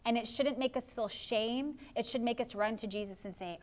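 A woman's voice: a little high, moderate pace. A woman pastor preaching a sermon in an earnest, confessional way, often slipping into spoken prayers as asides.

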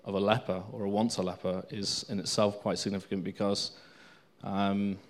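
A man's voice: on the low side, flat delivery, moderate pace. A man giving an informal Bible teaching, reading scripture aloud between unscripted remarks full of fillers and restarts.

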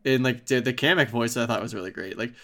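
A man talks casually as a podcast co-host, rambling and peppering his talk with fillers and curses. His voice has a gravelly edge. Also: mid-range voice, fast, fairly bright tone. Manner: rambling, frequent fillers and swearing. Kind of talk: casual chat.

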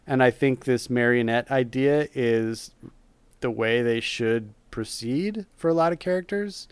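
A man chatting casually as a podcast co-host, his voice smooth and resonant. He talks with eager enthusiasm, sometimes circling back on his words. The sound is close and dry. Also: mid-range voice, measured pace, no echo. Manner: enthusiastic, rambling with restarts. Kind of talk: casual chat.

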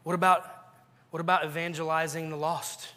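A man's voice: on the high side, level tone, brisk, sharp tone, long reverb tail. A male pastor preaching a sermon in a church, earnestly urging his listeners with repeated questions. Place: church sanctuary.

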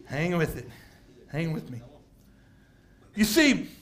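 A man preaching an impassioned sermon, swinging between hushed asides and shouted emphasis and repeating phrases to drive points home. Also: fairly high pitch, big pitch swings, slow.

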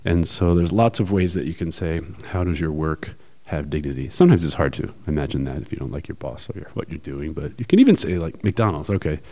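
A man's voice: very deep voice, very animated, quick pace, mellow. A man co-hosting a podcast, explaining ideas in a casual discussion, thoughtful and full of fillers. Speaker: podcast co-host.

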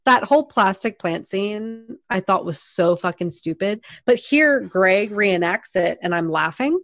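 A young woman co-hosting a movie review podcast, exasperated and expressive, swearing freely. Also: medium pitch, unhurried, no room sound, studio quality. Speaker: podcast co-host. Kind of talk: casual movie review chat.

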